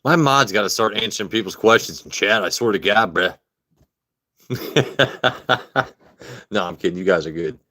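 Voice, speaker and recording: A man's voice: low-pitched, fast talker, few pauses, bright, forceful tone. An American man hosting a live stream, joking loosely with his chat and repeating himself as he reads comments. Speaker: livestream host reviewing whiskey.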